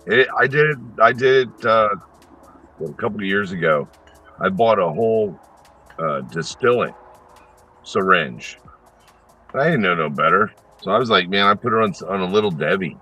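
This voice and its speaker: Male co-host, low pitch, laid-back storyteller, faint music behind. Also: expressive, normal speed, pauses often, sharp tone, slightly rough, rough recording. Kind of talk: casual chat.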